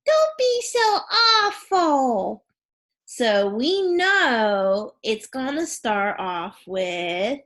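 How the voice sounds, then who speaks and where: A woman teacher guides a phonics and spelling lesson, speaking very slowly with a lively, swooping pitch. She asks her young pupils questions and encourages them in a deliberate classroom manner.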